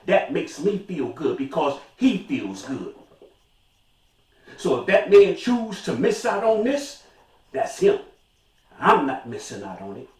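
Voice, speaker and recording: A man's voice: medium pitch, very animated, normal speed, recorded from a distance. An older man talking to his viewers in a casual monologue, emphatic and repeating his phrases. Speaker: vlogger. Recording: echoey room, voice off mic.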